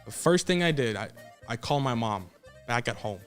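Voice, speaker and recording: A man's voice: mid-range voice, animated, moderate pace, faint music behind. A 21-year-old man from South Texas, a guest wrestler telling a story in a casual, emotional, rambling way with frequent restarts.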